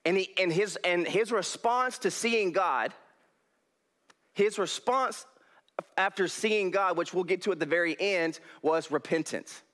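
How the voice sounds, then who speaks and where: A man's voice: high-pitched, measured pace. Folksy preacher man. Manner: folksy and animated, laughs often. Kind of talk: sermon. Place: church hall. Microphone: headset.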